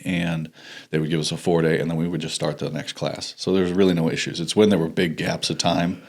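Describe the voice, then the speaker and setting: A man who is a podcast guest, talking in relaxed, reflective casual chat. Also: low-pitched, a little fast, vocal fry.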